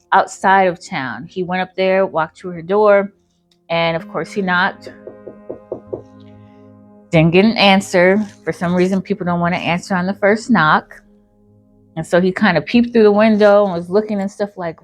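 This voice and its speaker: A woman casually telling a story, rambling with lots of fillers. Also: fairly low pitch. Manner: rambling, filler-heavy retelling.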